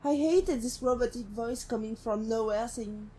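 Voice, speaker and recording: Brief: actress as a haunted female synth ex-killer, mellow and slightly high, slow and brooding, soft music behind. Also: breathy edge. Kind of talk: game companion monologue. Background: faint music.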